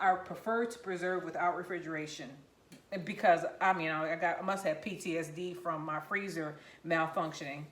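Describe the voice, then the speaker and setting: A woman chatting her way through a home cooking vlog, rambling and laughing, with loud whoops now and then. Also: on the low side, roomy sound. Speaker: home cook and vlogger. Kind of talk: casual cooking vlog chat. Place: home kitchen.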